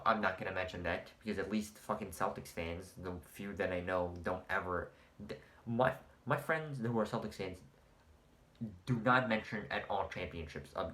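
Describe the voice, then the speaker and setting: A man's voice: lowish voice, fairly bright tone. Heated ranting man, echoey room. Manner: heated, sarcastic, profane. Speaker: sports commentator. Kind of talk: ranting sports vlog.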